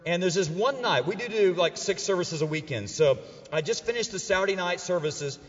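A middle-aged male pastor preaching a sermon to a live church crowd, joking with them and swinging between loud bursts and hushed, earnest stretches. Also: high voice, animated, fairly quick, in a large hall, muffled recording. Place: church auditorium with a live audience.

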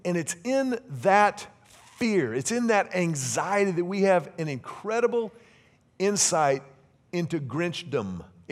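A middle-aged man preaching a sermon to a congregation, animated and joking, drawing them in with questions. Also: high-pitched. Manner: animated, joking, asks the congregation to call out answers. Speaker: pastor.

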